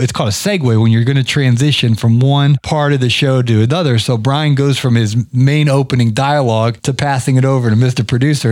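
A man hosting a podcast in casual interview chat, animated and laughing often, who imitates other people's voices. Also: mid-range voice, no room sound, studio quality. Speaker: podcast host.

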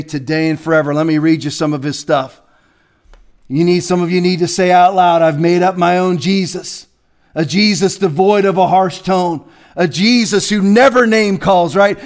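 Fiery high-voiced male pastor. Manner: fiery, confrontational, swings from quiet to shouting. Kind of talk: preaching sermon. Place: studio.

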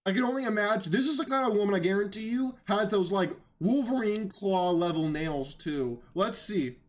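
A man's voice: high-pitched, moderate pace. A man giving mocking, incredulous reaction commentary on videos, often emphatic and raising his voice.

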